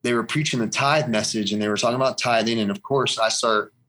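A man talks through his story in an earnest, rambling way, circling back and repeating lines to drive them home. His voice sits at an ordinary middle pitch for a man, neither deep nor high. He speaks as a guest in a conversation, giving his testimony. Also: fairly even intonation, fast talker, bright, forceful tone. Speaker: interview guest. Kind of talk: personal faith testimony in conversation.

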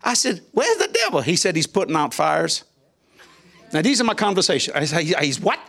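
An older man, a minister guest, telling a personal testimony in an interview, animated, chuckling often and acting out the voices he quotes. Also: on the high side, moderate pace, creaky.

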